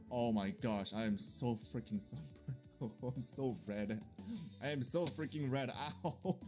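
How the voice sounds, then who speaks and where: A man giving jokey gameplay commentary for his video, excitable and laughing often. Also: medium pitch. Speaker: gaming video creator.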